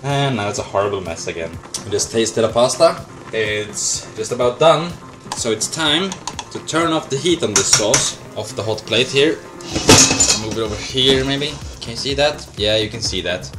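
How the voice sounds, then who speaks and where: A man's voice: medium pitch, lively intonation, moderate pace, over loud music. A young man hosting a casual improvised cooking demo, rambling goofily between steps. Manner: goofy, rambling, slips into silly voices and chants. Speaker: cooking show host.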